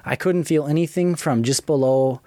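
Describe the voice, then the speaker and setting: A young man casually telling his own story, profane and chatty, with quick asides. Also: a little high, mellow, no room sound, studio quality.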